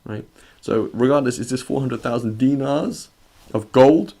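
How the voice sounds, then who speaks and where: A man's voice: medium pitch, fairly even intonation, moderate pace, a little mellow. A male religious teacher giving a conversational lesson. He reads classical Arabic passages, translates and explains them, and keeps checking in with "right?". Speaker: Islamic teacher.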